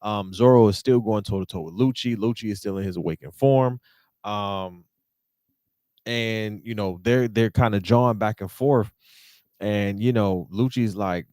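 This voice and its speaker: Animated man recapping a manga, dry sound. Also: lowish voice, normal speed, no echo. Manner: animated, slangy, repeats "you feel what I'm saying". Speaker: podcast host.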